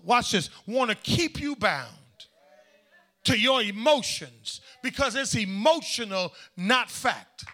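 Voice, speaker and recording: High, bright-voiced man preaching emphatically. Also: very animated, slow. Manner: emphatic call-and-response preaching, swinging from shouts to hushed asides. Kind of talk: sermon.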